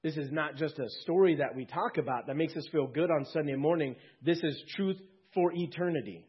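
Earnest husky male pastor preaching. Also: a little high, a little fast. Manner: earnest, swelling then hushed. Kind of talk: sermon. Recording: dull lo-fi recording.

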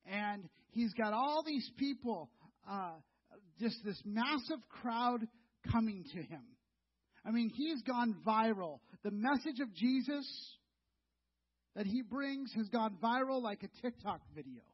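A middle-aged male pastor with a high voice delivers a sermon as a conversational story, speaking straight to his listeners as "you". His tone is husky, and the recording sounds dull and lo-fi.

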